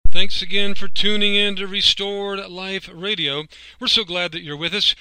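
A man's voice: sits high, steady tone, moderate pace, sharp tone, clean tone, dry recording, rough recording. A man reading a scripted sponsor announcement as a radio announcer, upbeat and friendly. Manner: upbeat, friendly promotional delivery.

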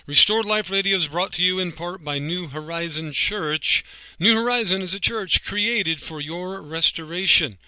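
A man's voice: high-pitched, normal speed, sharp tone, clear, resonant tone, dry recording, poor audio. A man reading a scripted sponsor announcement as a radio announcer, upbeat and friendly. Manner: upbeat, friendly promotional delivery.

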